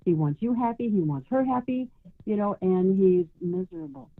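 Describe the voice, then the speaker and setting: Woman psychic guest calling in, gentle advice, tinny phone line sound. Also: medium pitch, big pitch swings, normal speed, creaky. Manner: gentle, calls callers sweetheart. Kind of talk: advice on a radio call-in.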